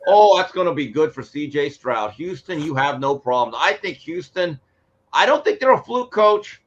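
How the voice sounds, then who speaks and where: Animated man telling sports stories, muffled. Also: on the high side, moderate pace. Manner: animated storyteller acting out quotes. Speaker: sports show guest. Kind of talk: casual sports talk, storytelling. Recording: muffled lo-fi sound.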